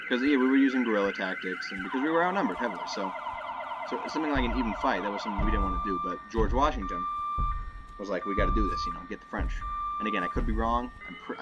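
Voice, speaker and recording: Rambling young man over loud game noise. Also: on the low side. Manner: meandering, joking, hedging often. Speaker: gameplay commentator. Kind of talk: rambling let's-play commentary.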